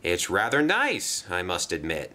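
A man voicing a cheeky prankster steam engine in a lifted, sly, quick voice. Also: low-pitched, wildly swooping pitch, pushed and bright, pitched below the performer's own voice, exaggerated voice.

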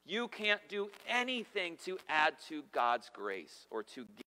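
A man's voice: on the high side, big pitch swings, measured pace, sharp tone. A man preaching a sermon as pastor, emphatic and conversational with humorous asides. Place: church sanctuary. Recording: long reverb of a church hall.

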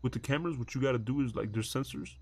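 A young man streaming a heist roleplay, rambling and swearing as he thinks the plan out loud. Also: mid-range voice, racing. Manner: rambling, profane, thinks aloud while planning. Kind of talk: casual gaming chat.

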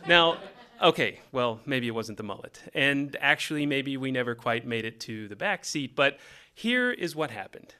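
A man from Texas tells a funny story with wry timing and a voice that swings up and down a lot. His tone is bright and forward. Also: medium pitch, normal speed. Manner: wry, animated delivery. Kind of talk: scripted comedic storytelling.

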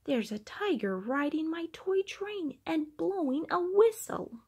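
Gravelly woman reading a picture book aloud. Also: very high voice, a little slow. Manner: animated, acting out sound effects. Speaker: storybook reader. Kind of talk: children's read-aloud.

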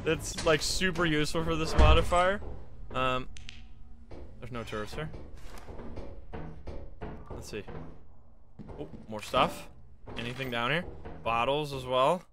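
A man streaming a game live, talking to himself and his friends in an excitable way, swearing and laughing often. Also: on the high side, a little slow, pauses often, music in the background. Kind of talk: casual live gameplay commentary.

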